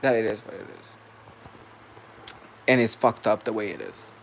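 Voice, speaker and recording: A man's voice: fairly low pitch, moderate pace, gravelly. A man venting to camera in a vlog, angry and profane, repeating himself as he rants. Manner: heated, profane, repetitive venting. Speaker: vlogger.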